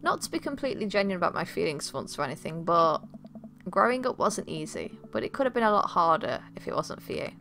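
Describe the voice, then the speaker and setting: A woman's voice: on the low side, very animated, fast talker, a bit bright, a little hiss or hum. A woman reading a wry college-bound daughter. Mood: sincere. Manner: wry, affectionate. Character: teen girl, daughter leaving for college, teasing. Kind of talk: game dialogue read aloud.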